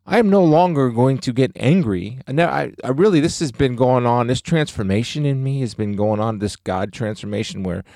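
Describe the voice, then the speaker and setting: A man's voice: medium pitch, expressive, moderate pace, hardly any pauses, mellow, no echo, clean studio sound. A middle-aged man co-hosting a faith podcast, talking earnestly and emphatically about his beliefs. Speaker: podcast co-host.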